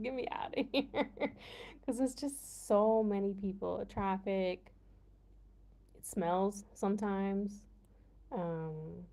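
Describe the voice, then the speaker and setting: A chatty Midwestern American woman hosts a casual livestream chat with viewers, laughing often and saying "like" constantly. Her voice is mid-range and mellow.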